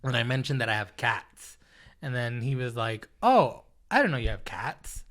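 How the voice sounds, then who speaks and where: A young man chatting on a podcast, with a bright, forward tone. His pitch swings widely as he acts out what people said, and he laughs often. The talk is relaxed and casual. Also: normal speed. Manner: laughs often while telling stories, acts out quotes. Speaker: podcast co-host. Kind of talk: casual chat, storytelling.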